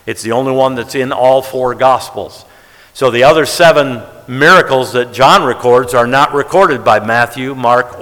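A man's voice: medium pitch, fairly bright tone. A man giving a sermon-style Bible lesson in a plain, conversational way, often repeating himself and restarting phrases. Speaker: Bible teacher. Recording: reverberant hall.

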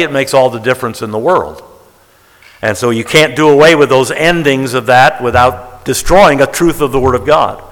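A preacher teaches the Bible in sermon style, emphatically counting out word tallies and stressing key words. His middle-pitched voice is a bit bright and carries a long reverb from a large hall.

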